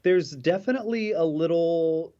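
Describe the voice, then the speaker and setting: A man, an actor, chatting in an interview with a halting, filler-heavy way of talking. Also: a little high, dark tone, dull audio. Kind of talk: casual interview chat.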